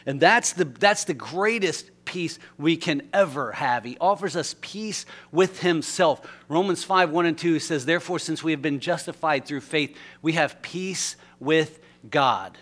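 A male pastor preaching a sermon in a church, telling a story animatedly, swinging from loud to hushed. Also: on the high side, a little slow, hardly any pauses. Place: church sanctuary.

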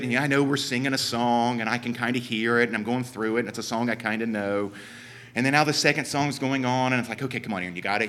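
Man, Southern Ohio accent, bright tone, rambling self-deprecating storyteller at a church service. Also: mid-range voice. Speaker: church member giving a talk. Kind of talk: sermon storytelling. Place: church sanctuary.

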